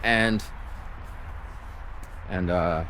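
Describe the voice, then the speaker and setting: A man ranting and telling a story while walking outdoors, exasperated and animated. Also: sits low, extremely slow, slight background noise. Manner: exasperated, animated, acts out the people he quotes. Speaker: vlogger.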